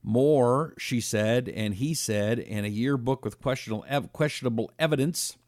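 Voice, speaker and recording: A man hosting a live talk show, reading an ad and viewer comments in an animated, emphatic way. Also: medium pitch, moderate pace, no echo, clean studio sound.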